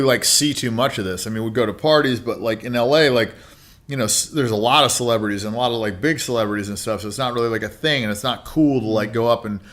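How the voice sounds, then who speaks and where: A man's voice: mid-range voice, a bit bright. A man telling a story as a podcast guest in a casual, loose way, with constant filler words and plenty of swearing.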